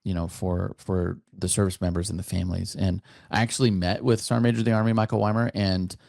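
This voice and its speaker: A man's voice: sits low, level tone, fast talker, gravelly, darkish tone, no echo, studio quality. A man who is a soldier, chatting as a podcast guest, hesitant with many fillers. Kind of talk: casual interview chat.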